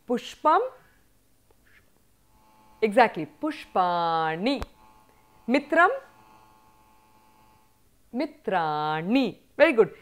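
Slow, high-voiced woman teacher. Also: very animated. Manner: drills word forms slowly, praising with "very good" and "uttamam". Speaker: Sanskrit teacher. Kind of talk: university video lecture.

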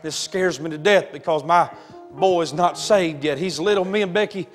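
A man preaching a sermon, telling a story dramatically and building to shouts. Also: a little high, normal speed. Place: church sanctuary. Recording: long hall reverb with faint music.

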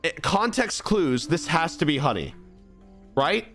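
Young male game streamer, unhurried and rambling, exasperated and self-mocking, with faint music underneath. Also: fairly high pitch, big pitch swings, a bit bright. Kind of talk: casual gameplay commentary.

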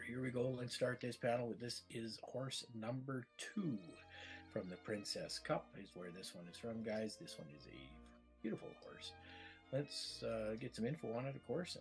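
Gravelly Canadian man calling an auction. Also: lowish voice. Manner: chatty, repetitive bid calling. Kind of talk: live virtual-world auction calling.

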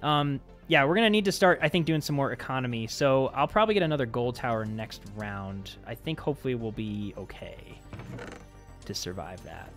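A man's voice: mid-range voice, brisk, fairly bright tone, faint music behind. A man hosting a casual game session, upbeat and explaining the game mechanics as he plays. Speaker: host and map maker. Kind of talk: casual gameplay chat.

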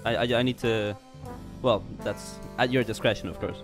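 This streamer, a young man, has a lowish, steady voice and a moderate pace. Chatting casually over a game, he rambles, jokes at his own expense, and stammers into restarts while jazz plays faintly.

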